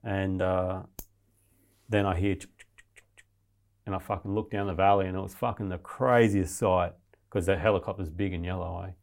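Profane, rambling man, low voice. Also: normal speed, gravelly, pauses often. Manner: profane, rambling, animated retelling. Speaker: guest telling a survival story. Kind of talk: casual storytelling.

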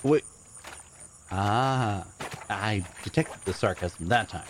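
A man's voice: lowish voice, takes it slowly, a little hiss or hum. A man playing a bookish, overly formal scholar who speaks in precise, wordy sentences in an audio drama. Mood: pedantic.

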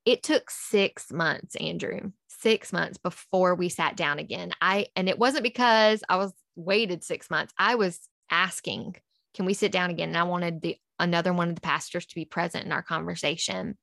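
Woman, podcast guest, earnest storyteller, re-enacts dialogue, fry in the voice, dry close sound. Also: fairly low pitch, fairly even intonation, normal speed, a bit bright, no room sound. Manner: re-enacts conversations in quotes, earnest. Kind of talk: candid personal storytelling.

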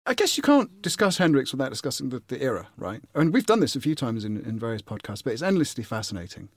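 A man's voice: mid-range voice, very animated, fast, dry recording. A man hosting a podcast in casual chat, enthusiastic and leading the topic on a close studio mic. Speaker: podcast host.

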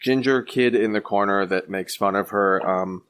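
A man's voice: fairly low pitch, normal speed, clear, resonant tone. A young adult man co-hosting a podcast, chatty and eager to share movie trivia. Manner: chatty, excited about trivia. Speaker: podcast co-host. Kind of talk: casual film discussion.

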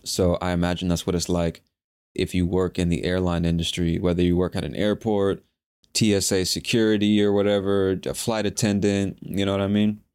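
A young man hosting a casual solo podcast, talking in a profane, animated, slangy way. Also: sits low, fairly quick, clean tone. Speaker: podcast host.

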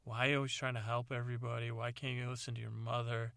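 A man's voice: mid-range voice, little pitch movement, fast, gravelly, sharp tone, clear, resonant tone, no room sound, clean studio sound. A man voicing a worried, nagging mother in the afterlife, pleading and scolding her son.

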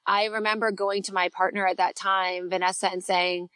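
A woman's voice: medium pitch, little pitch movement, moderate pace, sharp tone, no echo. A Canadian woman in her thirties, a podcast guest talking candidly and chattily about motherhood, self-deprecating and full of fillers.

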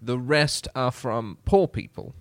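A man's voice: medium pitch, animated, takes it slowly, a bit bright, no echo. A man playing a pompous middle-aged film wig maker who rambles and calls everything fabulous. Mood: pompous rambling. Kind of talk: improvised comedy podcast.

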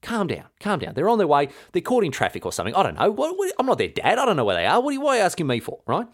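A man's voice: on the low side, expressive, quick pace, natural voice. A man doing a breezy, ruthless queen. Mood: flustered. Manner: blokey, offhand slang-filled banter. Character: ruthless vengeful medieval queen, breezy and scheming.

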